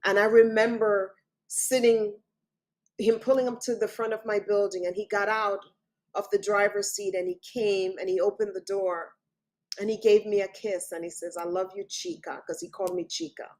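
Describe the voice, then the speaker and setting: A woman's voice: medium pitch, moderate pace, darkish tone. Woman telling her story as a guest. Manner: vivid storytelling, often quoting others. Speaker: author guest. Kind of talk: personal storytelling in an interview.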